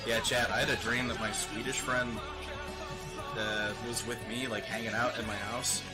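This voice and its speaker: A man casually chatting with his stream viewers, rambling and animated, laughing and swearing freely as he talks. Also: on the low side, normal speed. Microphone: desk microphone. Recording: music playing behind the voice.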